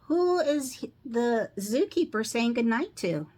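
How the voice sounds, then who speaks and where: A middle-aged woman reading a picture book aloud to children, pausing to ask them questions about the pictures. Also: on the high side, lively intonation, a little mellow. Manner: slow, asks children questions.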